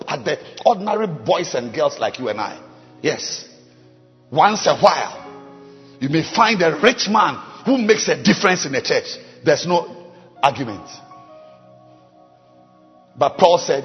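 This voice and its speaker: A man pastor preaching a sermon, swinging from emphatic declarations to hushed asides and praying in tongues. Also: on the high side, sing-song, moderate pace, pauses often. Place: large church. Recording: muffled recording, long hall reverb, faint music.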